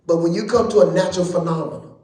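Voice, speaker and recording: A man with a high, bright preaching voice works a church room with folksy call-and-response talk. He swings from quiet asides up into shouted lines. The sound rings with the echo of the room. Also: fairly even intonation, fast talker. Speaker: bishop teaching Bible study. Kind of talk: lively preaching to a congregation.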